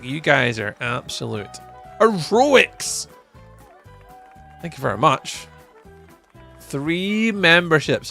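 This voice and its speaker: Animated Scottish man streaming. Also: slow pace, gravelly, long pauses. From Scotland. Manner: chatty, jumps high when greeting viewers. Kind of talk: casual live-stream chat reading viewer messages. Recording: faint music behind.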